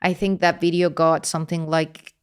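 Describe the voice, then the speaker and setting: A woman's voice: fairly low pitch, little pitch movement, moderate pace, clear, resonant tone. A young adult woman from Rome with an Italian accent, chatting expressively as an interview guest with frequent hesitations. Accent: Italian, Roman. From Rome, Italy. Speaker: polyglot content creator guest. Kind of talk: casual interview chat.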